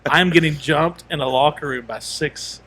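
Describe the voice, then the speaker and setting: A man's voice: fairly high pitch, normal speed, pushed and bright. A man co-hosting a podcast, telling a long story in casual chat and rambling through quoted asides and restarts. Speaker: podcast co-host.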